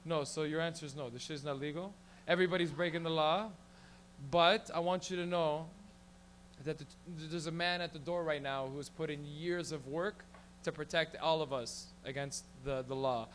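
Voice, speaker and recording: This man's voice is fairly high and fairly bright, with fairly even intonation and a little hiss or hum on the recording. Hosting an open mic comedy night on a small lounge stage, the Canadian tells rambling, profane stories rapidly through a handheld mic.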